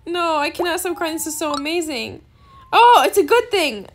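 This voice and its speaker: A woman giving casual commentary on her game, gushing and excitable, with gasps and squeals. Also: very high-pitched, normal speed. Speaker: gaming channel host.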